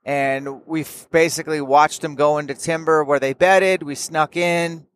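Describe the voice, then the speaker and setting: A man's voice: on the high side, steady tone, normal speed, clean tone. A young man, a hunting vlogger, tells about his trip in frank, plain-spoken, laid-back casual storytelling.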